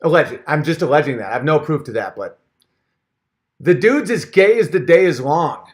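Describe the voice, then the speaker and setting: A man's voice: fairly high pitch, expressive, normal speed. A man hosting his own channel, ranting in a heated, sarcastic, profane way, with rambling restarts and asides. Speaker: channel host. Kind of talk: comedic rant vlog.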